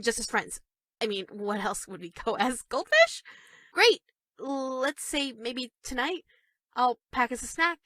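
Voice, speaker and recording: A woman's voice: a little high, dry recording, clean studio sound. Sweetly creepy yandere schoolgirl. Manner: shy and stammering, with sudden dark menace. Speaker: voice actress for a dating game character. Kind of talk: scripted game voice lines.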